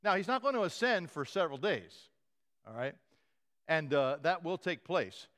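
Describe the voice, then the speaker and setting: A male pastor preaching a sermon, telling the story with animated voices for the quoted lines and frequent chuckles. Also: a little high, moderate pace.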